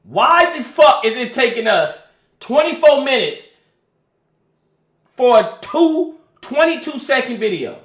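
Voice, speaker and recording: A man streaming and reacting to clips in casual, profane, animated chat, often laughing. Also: extremely high pitch, takes it slowly, long pauses, reverberant.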